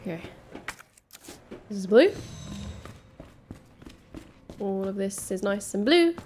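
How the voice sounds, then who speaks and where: A woman's voice: mid-range voice, lively intonation, takes it slowly, darkish tone, a little hiss or hum. A young woman streaming her first playthrough of a game, chatting casually, swearing and spiraling into panicked repeated words. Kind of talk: casual gameplay commentary.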